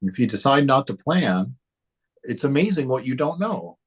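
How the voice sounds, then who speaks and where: In a low-quality recording, a man with a husky, medium-pitched voice teaches spirituality, reading from a devotional text and musing on it conversationally. His pitch swings widely at a moderate pace, and he often adds "right?" and "you know."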